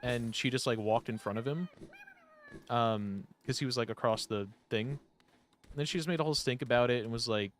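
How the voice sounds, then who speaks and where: A man's voice: mid-range voice, normal speed. Rambling, foul-mouthed young man streaming. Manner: rambling, profane, heavy use of "like". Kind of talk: casual storytelling while playing a game.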